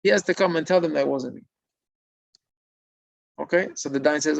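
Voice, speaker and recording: A man preaches and tells a moral tale with lively, acted-out turns. His voice is gravelly and a bit high, recorded close and dry. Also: brisk, pauses often, dry recording, rough recording. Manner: animated, acts out the figures, mixes in Hebrew terms. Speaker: religious storyteller and teacher. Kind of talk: sermon-style storytelling.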